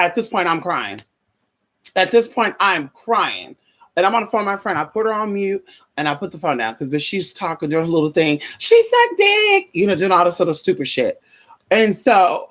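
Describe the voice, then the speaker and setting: A woman telling a story in a casual vlog, sassy and profane, full of asides to her listeners. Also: mid-range voice. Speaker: vlogger.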